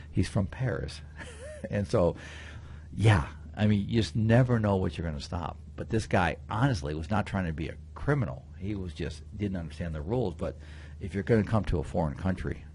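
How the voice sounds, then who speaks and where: A man, a county sheriff, telling a story in a folksy, animated way on a radio show in a studio. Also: low voice, a little hiss or hum.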